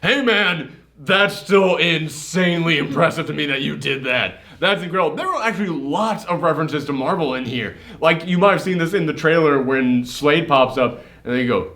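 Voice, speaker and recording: A man hosting a casual movie reaction chat, animated, laughing and acting out scenes. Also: a little high, normal speed, few pauses. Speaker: host.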